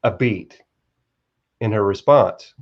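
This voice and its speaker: A guest author with a fairly low voice earnestly shares a personal story during a live-stream interview, often halting and restarting his sentences. The audio has its high frequencies cut off.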